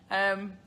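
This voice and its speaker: Chatty English woman on a phone livestream. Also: sharp tone. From England. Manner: chatty and laughing, reading out questions with filler words. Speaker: actress answering fan questions. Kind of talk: casual live-stream chat.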